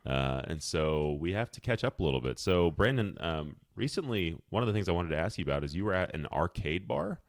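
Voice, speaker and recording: A man with a very low voice hosts a casual podcast, his delivery swinging widely up and down. He sounds friendly and upbeat and rambles with fillers. He is recorded dry and close on a podcast microphone. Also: very animated, brisk, hardly any pauses, dry recording. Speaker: podcast co-host.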